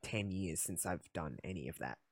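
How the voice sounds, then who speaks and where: A man's voice: low voice, lively intonation, normal speed, no echo. Chatty man on a dry, close mic. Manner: chatty, rambling, self-deprecating. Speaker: podcast co-host. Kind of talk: casual chat. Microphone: headphones and studio mic.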